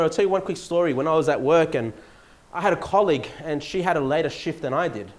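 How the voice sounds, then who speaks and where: A middle-aged Australian man preaching a sermon in a church, conversational with rising emphatic peaks. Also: a little high. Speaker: pastor.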